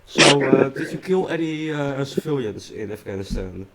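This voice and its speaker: A man's voice: medium pitch, animated, normal speed, a crowd in the background. A man running a mock interview, blunt and crude, often stumbling over his questions. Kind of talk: mock interview, casual comedy. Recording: noisy recording.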